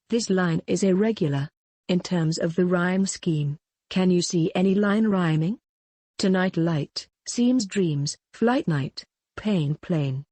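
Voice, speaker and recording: Low, husky-voiced woman teaching poetry. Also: dark tone, dry recording. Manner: slow, deliberate scansion of verse. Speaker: literature teacher. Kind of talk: poetry lesson.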